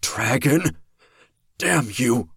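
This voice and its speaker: A man's voice: low-pitched, drawn-out words, husky, no room sound, studio quality, full character voice. A man voicing a badly wounded male superhero who forces out short, broken phrases through grunts and strain. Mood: desperate. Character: grievously wounded male superhero, gasping and defiant.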